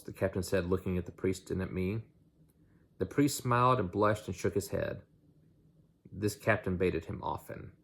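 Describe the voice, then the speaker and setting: Male reader, unpolished novel reading, very low husky voice. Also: normal speed. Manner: unpolished, with slips and restarts. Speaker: audiobook reader.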